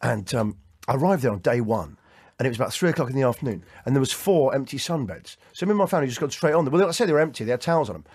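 A man hosting a radio show, telling rambling, animated anecdotes and laughing often, on a studio mic. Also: mid-range voice, very fast, slightly rough, dry recording. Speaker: radio host. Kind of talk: casual chat and anecdotes.

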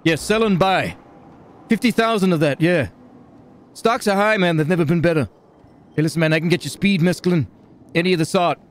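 A man's voice: high voice, fairly quick, long pauses, close to an everyday voice. A man playing a stoned, hyper male gambler and self-styled entrepreneur who rambles and repeats catchphrases in a game role-play. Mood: rambling. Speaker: role-player.

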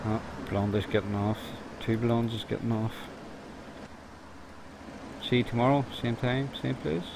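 A middle-aged man chats his way through a bus-driving game on a live stream. His pitch sits right in the middle, and he keeps up a stream of joking, teasing asides. A loud wash of noise sits behind his voice. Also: a little slow, creaky. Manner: chatty, teasing banter while driving. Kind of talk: casual live-stream chat.

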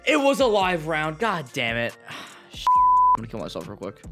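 Young man, gameplay commentary, frustrated outbursts, swooping pitch, slightly high voice. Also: huge pitch swings, normal speed, over loud music. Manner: frustrated, swinging between muttering and outbursts. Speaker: gaming YouTuber.

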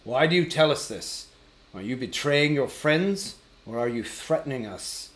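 A man's voice: medium pitch, lively intonation, unhurried, close to an everyday voice. A man voicing a grim, suspicious male human leader in an audiobook, blunt and hard.

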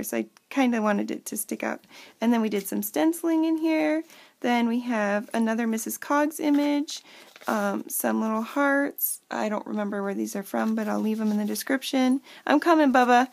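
A woman's voice: fairly high pitch, gravelly, darkish tone. A woman in her thirties at home, casually showing off a handmade journal in a chatty way with lots of fillers. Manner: chatty, lots of fillers, talks to kids off camera. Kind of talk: casual show-and-tell.

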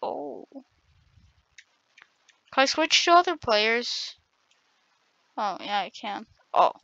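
A woman giving excitable, trash-talking commentary while playing a game on her channel. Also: on the high side, very slow, dry recording. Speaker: gaming channel host. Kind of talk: gameplay commentary. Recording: dull lo-fi recording.

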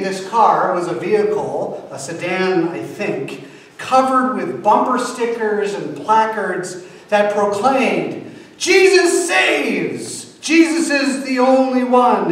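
A male pastor preaches in a high, unhurried voice, telling stories with self-deprecating humor. He is recorded from a distance in a very echoey church, with faint ambience behind him. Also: slight background noise. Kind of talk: sermon.

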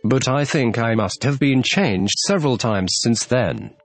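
A man's voice: mid-range voice, very animated, normal speed, dry recording, soft background music. A man voicing a polite, earnest young girl who is puzzled.

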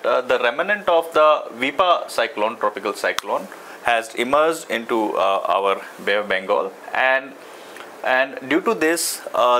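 Man, Indian English accent, official weather briefing, bright voice, halting with many "uh" fillers, faint background noise. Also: mid-range voice, low-quality recording. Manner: halting, frequent "uh" fillers and restarts. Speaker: weather briefing presenter, meteorologist.

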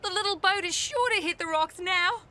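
Kind high cartoon lighthouse. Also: female voice, brisk. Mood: encouraging. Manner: gentle and encouraging. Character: kind, encouraging lighthouse, female. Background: children's music.

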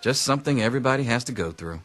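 An actor playing a dry middle-aged teacher who speaks wryly and matter-of-fact. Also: male voice, mid-range voice, lively intonation, very fast, fairly bright tone, natural voice.

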